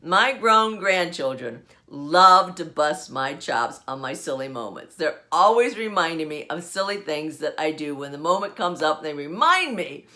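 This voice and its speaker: A woman's voice: low voice, sing-song, a little slow, hardly any pauses, bright, forceful tone. An older woman hosting her own show from home, telling a funny story casually and laughing often as she goes. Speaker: podcast host.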